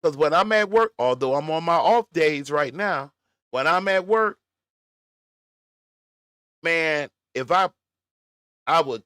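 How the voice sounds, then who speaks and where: A man riffing on a clip he's reacting to, blunt and mocking, with plenty of cursing. His voice sits a little high. The sound is dry, with no room around it. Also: expressive, slow, pauses often, fairly bright tone, smooth, no room sound. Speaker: commentary vlogger. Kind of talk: reaction commentary.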